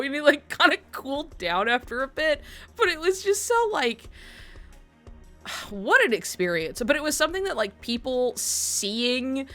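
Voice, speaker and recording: A woman's voice: high-pitched, normal speed, soft background music. Rambling, laughing woman streamer. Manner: rambling and animated, with frequent laughter and swearing. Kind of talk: casual storytelling to stream chat.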